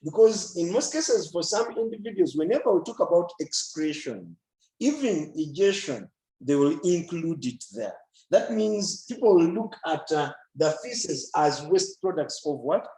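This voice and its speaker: A man's voice: a little high, mellow, echoey room, rough recording. A man teaching a biology lesson in an online class, often asking a question and then answering it himself.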